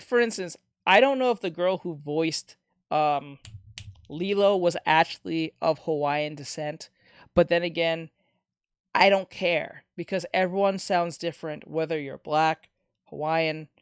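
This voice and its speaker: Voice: medium pitch, takes it slowly, smooth, no room sound. Ranting live streamer, dry close sound. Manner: animated ranting with profanity, reads chat aloud. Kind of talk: casual live-stream chat.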